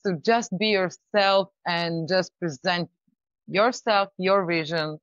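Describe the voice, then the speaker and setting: A woman guest talking casually about pitching, in a thoughtful, halting way with restarts. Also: a bit bright, no echo. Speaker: startup founder, guest. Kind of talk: casual interview talk. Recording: slightly dull lo-fi audio.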